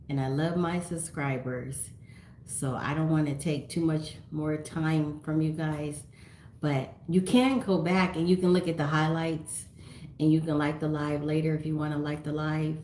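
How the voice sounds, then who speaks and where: A woman's voice: deep voice, darkish tone, reverberant, slight background noise. A middle-aged woman from California hosting a casual livestream on her phone, chatting and reading viewer comments aloud with frequent laughs. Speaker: livestream host.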